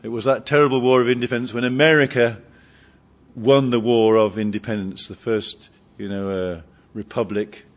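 A man preaching a sermon, climbing to loud emphatic peaks and dropping to quiet, low asides. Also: fairly even intonation, moderate pace. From Britain. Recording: dull lo-fi sermon recording.

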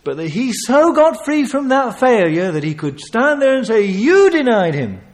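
A man preaching a sermon, earnest and pleading, swinging from loud emphasis to hushed, near-whispered passages. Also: very high voice, sing-song, normal speed.

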